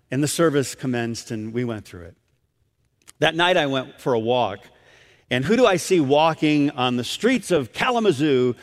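A man's voice: mid-range voice, in a large hall. A man preaching a sermon, emphatic and storytelling, often repeating words as he goes.

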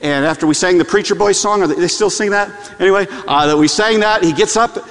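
A middle-aged man preaching a sermon, telling stories with animated delivery and repeating lines for emphasis. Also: high-pitched, brisk. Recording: long hall reverb.

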